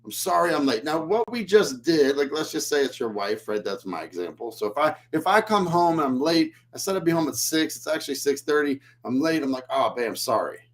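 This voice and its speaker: A man's voice: on the high side, animated, brisk, hardly any pauses. Blunt, swearing man coaching on leadership. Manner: blunt and emphatic, swears freely; acts out whiny apologies in a droopy voice. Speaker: leadership podcast host. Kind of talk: casual coaching talk.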